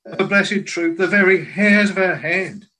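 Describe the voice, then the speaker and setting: A man preaching a sermon in a slow, earnest way, quoting scripture in old biblical language. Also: high voice, animated, pushed and bright, rough recording.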